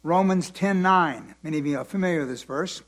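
Deliberate preacher man with a tired voice. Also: a little high. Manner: deliberate, repeats points, asks the congregation to fill in words. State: voice tired at the end of the day. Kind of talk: Bible teaching.

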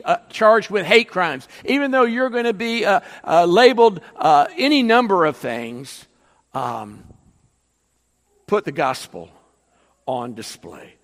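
A man's voice: high voice, a bit bright. A man preaching a sermon as pastor, emphatic and rising and falling, with frequent fillers. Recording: long hall reverb.

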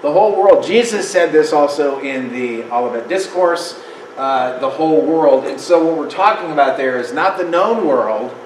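A man teaching a Bible lesson to a small group in a casual, animated way, with chuckling asides. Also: fairly high pitch, normal speed, roomy sound, slight background noise, poor audio.

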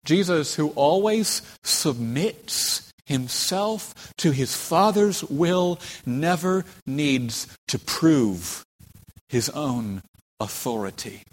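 Speaking very slowly in an expressive, higher-pitched voice, a pastor delivers a sermon in a reverberant church sanctuary. He's dramatic, acting out the figures he quotes and building the emphasis as he goes.

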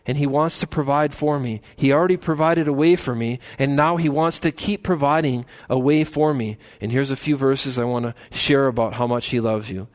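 A man pastor preaching a sermon in a church, earnest, climbing to emphatic peaks and slowing down on key phrases. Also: mid-range voice.

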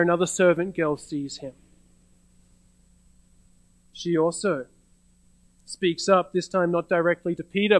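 A man's voice: sits high, no room sound, poor audio. A male pastor giving a sermon, retelling a scene in a conversational way with frequent restarts and repeated words.

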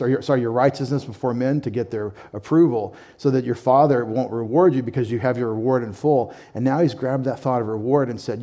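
A middle-aged pastor with a medium-pitched, dark-toned voice delivers an emphatic sermon teaching the Bible. He poses questions to his listeners and acts out short imagined answers.

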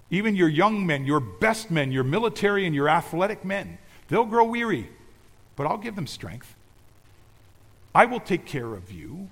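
Man, pastor, emphatic sermon, slightly high voice, long hall reverb. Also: animated, moderate pace. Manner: emphatic preaching, swings between loud declarations and quiet asides.

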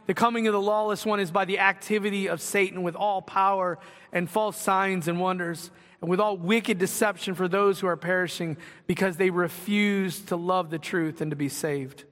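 High-voiced man preaching in a reverberant hall. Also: fairly bright tone. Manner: conversational preaching with asides and acted quotes. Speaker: pastor. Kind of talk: sermon. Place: church sanctuary.

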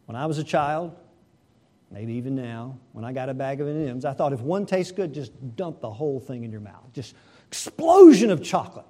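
A man preaching a sermon, animated and asking the congregation rhetorical questions. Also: medium pitch, brisk. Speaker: pastor.

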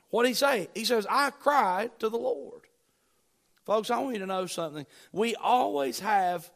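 High-voiced preaching pastor, man. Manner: preaching with rising emphatic bursts and quiet asides. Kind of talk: sermon.

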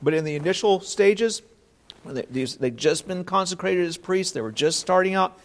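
Gravelly high-voiced man preaching. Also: normal speed. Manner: earnest, rhetorical questions, quotes scripture, repeats words while thinking. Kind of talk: sermon.

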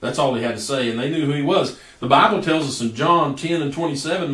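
A man's voice: fairly high pitch, quick pace, few pauses, fairly bright tone. A man preaching a sermon in a folksy storytelling way, stretching out words for emphasis. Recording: echoey room from a distance.

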